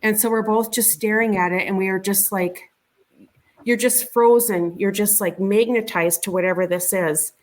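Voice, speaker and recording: As an interview guest, a middle-aged woman recounts a sighting she experienced personally. Her voice has a plain, middle pitch and a steady tone, and she speaks in a halting, conversational way, repeating words and starting her sentences over.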